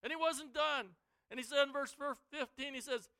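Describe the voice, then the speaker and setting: High-voiced, bright preacher giving a sermon. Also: male voice, moderate pace, dry recording. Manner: dramatic, swings from quiet to shouting. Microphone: headset mic.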